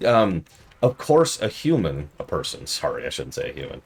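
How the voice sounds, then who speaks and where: A man's voice: low voice, wildly swooping pitch, moderate pace, gravelly, a little hiss or hum. A man streaming a game review in casual commentary, easily exasperated and ranting at the game while chatting with viewers.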